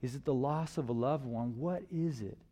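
In a church, a man preaches a sermon at moderate pace and medium pitch. He poses rhetorical questions and swings between loud emphasis and hushed lines.

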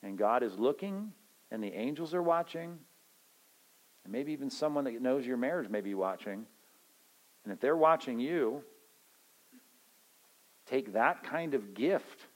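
A man's voice: medium pitch, rough recording. A pastor giving a conversational, joking sermon at a retreat, acting out everyday scenes to make his point.

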